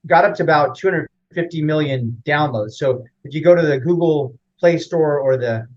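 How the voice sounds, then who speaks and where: A man's voice: on the high side, moderate pace, darkish tone, muffled recording. A man as an interview guest, explaining at length in a rambling casual way with frequent fillers and restarts.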